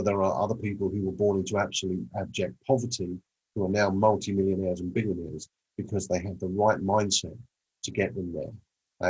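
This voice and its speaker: A man's voice: low voice, husky, rough recording. A man presenting a motivational talk on mindset, telling a story and acting out the conversations in it. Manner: storytelling, acts out quoted conversations.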